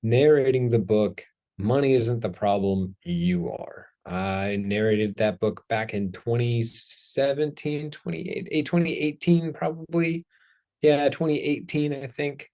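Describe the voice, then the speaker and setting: A man's voice: medium pitch, takes it slowly, darkish tone. A man hosting a casual talk show, talking in a playful, chatty way and joking about himself. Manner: playful, chatty, self-deprecating. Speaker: host.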